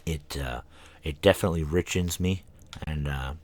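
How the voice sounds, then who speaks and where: A man's voice: rumbling low, moderate pace. A man hosting an internet radio show, rambling tiredly from one tangent to the next with many fillers and yawns. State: tired, yawning. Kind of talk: casual rambling monologue. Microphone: studio microphone.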